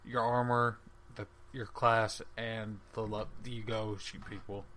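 Give a man with a bright, sharp voice who explains game mechanics step by step on a casual podcast. He walks through each stage patiently and plainly. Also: fairly low pitch, little pitch movement, slow, slight background noise. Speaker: podcast co-host. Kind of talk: casual gaming chat.

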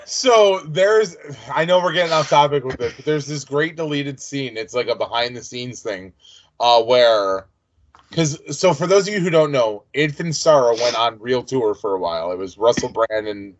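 A man co-hosting a podcast in relaxed, casual chat, drifting into long side stories. His voice sits at an ordinary middle pitch. The recording is a little dull and lo-fi. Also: moderate pace. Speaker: podcast co-host. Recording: dull lo-fi sound.

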